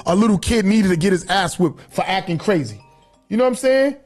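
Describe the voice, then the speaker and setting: A high-pitched man runs his own podcast and rants straight into the mic. He talks in a loose, profane, heated way and rambles from one grievance to the next. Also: expressive, a little fast, darkish tone. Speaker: podcast host. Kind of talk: casual livestream rant.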